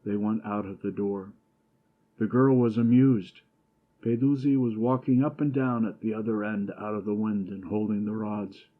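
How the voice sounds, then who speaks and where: A man narrating an audiobook in a measured, even storytelling manner. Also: fairly low pitch, phone-quality sound. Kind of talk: scripted narration.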